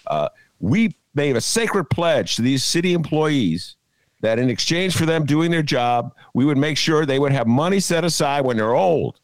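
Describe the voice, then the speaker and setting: A man hosting a comic talk podcast, rambling and excitable, often laughing at his own jokes. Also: fairly high pitch, moderate pace, no room sound. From Chicago. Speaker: podcast host. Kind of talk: casual comic talk show. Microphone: video call.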